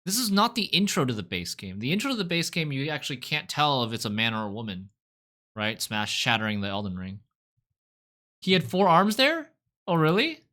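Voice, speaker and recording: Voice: mid-range voice, fairly bright tone. A streamer reacting on a live stream, thinking aloud and asking unsure questions about the game's story.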